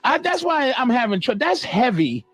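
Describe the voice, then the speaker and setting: A man's voice: very high-pitched, very animated, moderate pace, a bit bright, no room sound. A male co-host in crude radio banter, making brash jokes and acting out lines.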